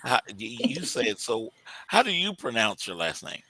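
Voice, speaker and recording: A man's voice: medium pitch, wildly swooping pitch, normal speed, sharp tone, slight background noise, poor audio. A man with a Texas accent hosting a radio talk show, rambling enthusiastically and calling listeners "guys". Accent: Texan.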